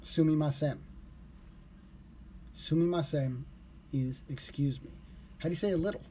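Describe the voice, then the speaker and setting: Man, casual live streamer, loose rambling delivery with self-corrections; mellow tone, faint background noise. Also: a little high, fast talker. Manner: relaxed, rambling, corrects himself aloud. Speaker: live streamer learning Japanese.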